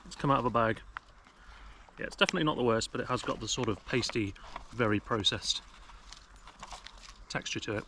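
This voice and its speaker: Filmed on an action camera in the woods, a young British vlogger with a medium-pitched voice talks fairly quickly, pausing often, against a noisy background. He chats to camera in a wry, self-deprecating way, rambling through his jokes.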